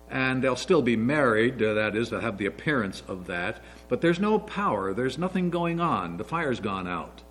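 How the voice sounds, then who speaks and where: A man's voice: medium pitch, slight background noise, low-quality recording. A man in his sixties giving an earnest, story-filled sermon as a pastor. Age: 60s.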